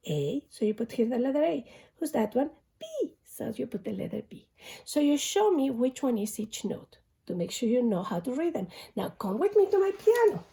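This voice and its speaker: A woman's voice: high-pitched, vocal fry, dark tone. A woman music teacher giving a children's theory lesson in a sing-song teaching voice, chanting mnemonics.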